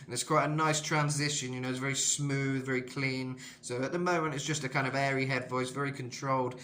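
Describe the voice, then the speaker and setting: A man's voice: fairly even intonation, fairly quick, a bit bright. A British man in his twenties, chatting loosely through a vocal tutorial, with lots of fillers and asides. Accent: British English. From England. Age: 20s. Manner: rambling, filler-heavy, breaks into high falsetto demos. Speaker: vocal coach.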